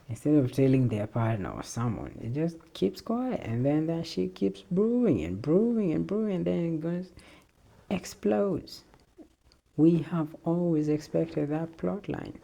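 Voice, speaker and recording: A man's voice: medium pitch, vocal fry, warm tone. A man hosting a solo podcast, rambling off the cuff and swearing casually. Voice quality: swears a lot, laid-back and off-the-cuff. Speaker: podcast host.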